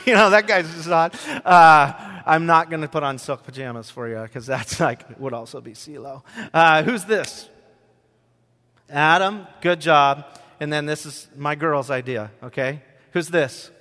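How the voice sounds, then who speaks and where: Guy preaching in church, chatty and jokey with the crowd, kinda high forceful voice, big echoey hall. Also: moderate pace. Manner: conversational, joking with the congregation. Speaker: pastor. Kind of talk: sermon. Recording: long church-hall reverb.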